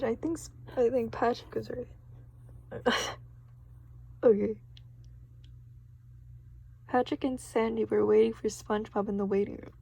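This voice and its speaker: A woman's voice: on the high side, little pitch movement, takes it slowly, creaky, long pauses, mellow, breathy edge, low-quality recording. A woman reading a children's storybook aloud, giggling and stopping to react in surprise. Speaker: storybook reader.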